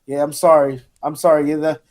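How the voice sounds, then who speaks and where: A man's voice: fairly high pitch, flat delivery, brisk, darkish tone. A man co-hosting a podcast, talking animatedly, swearing and calling his friend dude. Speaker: podcast co-host. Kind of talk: casual banter.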